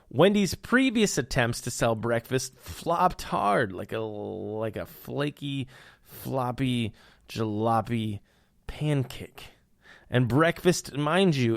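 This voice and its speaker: A man's voice: a little high, fairly bright tone, no room sound, studio quality. Punning young man riffing on news. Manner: jokey, punning, hyped asides. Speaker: podcast host. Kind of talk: comedic news commentary.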